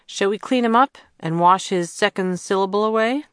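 A woman reading the lines of a gentle, teasing young man. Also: medium pitch, moderate pace, clean tone, dry recording, studio quality, pitched above the performer's own voice, lightly acted.

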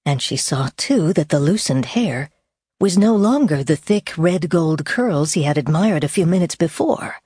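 A woman narrating a story in a measured, deliberate audiobook style. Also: low voice, expressive, mellow, breathy edge, no room sound, studio quality.

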